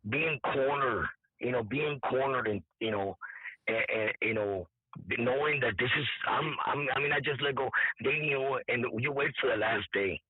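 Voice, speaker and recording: A hoarse man, an event organizer telling a story in halting, repetitive speech, as if his voice is nearly gone. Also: mid-range voice, no echo. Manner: halting, repeats words, quotes others. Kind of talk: casual interview storytelling. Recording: dry tinny phone-like line.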